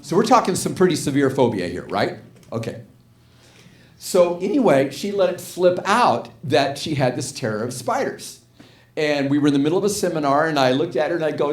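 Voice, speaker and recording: An older man telling a story in an inspirational talk, his voice rising and falling in a lively way as he acts out each line of dialogue. He sits fairly high for a man. The sound carries the echo of a hall. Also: normal speed. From United States. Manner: animated storyteller, acts out quotes, asks the audience questions. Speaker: guest speaker at a spiritual community. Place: church hall with audience. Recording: echoey hall.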